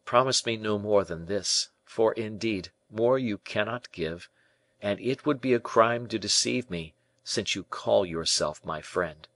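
A man's voice: unhurried, fairly bright tone, no echo. Man reading as an anguished young prince. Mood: pleading. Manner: pleading, impassioned, rising pitch. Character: young imprisoned male prince, anguished and distrustful. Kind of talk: audiobook character reading.

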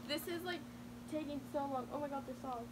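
A young woman vlogger gushing and swearing with excitement as she unboxes presents from a friend. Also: high voice, a little fast. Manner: gushing, emotional, swears, exclaims often. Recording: loud background noise.

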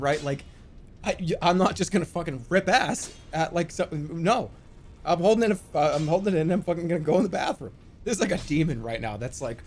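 Exasperated, high-pitched ranting gamer man. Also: a little fast. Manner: exasperated, swearing, animated ranting. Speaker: streamer. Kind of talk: live gaming commentary. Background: faint game music.

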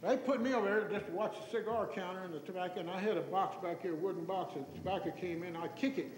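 A Texan man in his sixties telling folksy stories to an audience, animated and chuckling as he acts out the people in them. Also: sits high, quick pace. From Tyler, Texas. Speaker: storyteller giving an oral history. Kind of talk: folksy anecdotal talk to an audience. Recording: echoey hall recording with faint noise.

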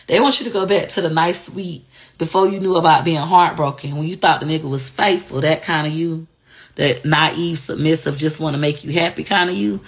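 A woman's voice: deep voice, gravelly, husky. A woman in casual confessional chat, talking bluntly and frankly with plenty of profanity. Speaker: online personality.

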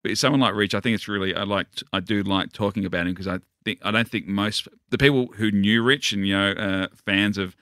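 Australian male comic guest, deep with a crisp edge, dry close mic. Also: fairly even intonation, pushed and bright, no echo. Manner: halting, wry banter. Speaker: podcast guest, comedian. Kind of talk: casual chat.

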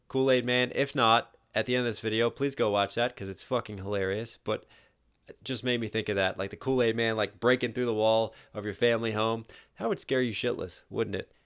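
Young guy rapper doing a reaction vid, mid pitch, lots of laughs n cursing. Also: a little fast, smooth. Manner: animated, laughs often, swears casually. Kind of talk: casual reaction commentary.

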